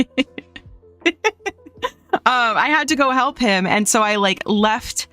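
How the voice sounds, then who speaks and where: A woman's voice: medium pitch, bright, forceful tone, clean tone, dry recording. A young adult woman streaming from home, chatting casually, reading chat aloud and laughing often.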